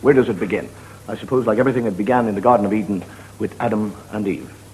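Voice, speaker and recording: A man's voice: fairly low pitch, fast talker, background noise. A man with an Irish accent, a stand-up comedian telling jokes in a wry, dry storytelling manner. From Ireland. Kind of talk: seated storytelling monologue.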